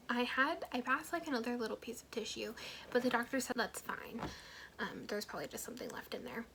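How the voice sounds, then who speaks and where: A young woman, a mom vlogger, telling her own story to camera in a soft, half-whispered, candid way, with many ums and likes. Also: fairly high pitch, slight background noise, rough recording.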